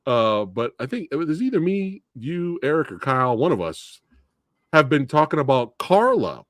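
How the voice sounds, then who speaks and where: A man hosting a casual movie discussion show, excitable and laughing often as he talks. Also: fairly high pitch, normal speed, no echo, clean studio sound. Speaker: podcast host.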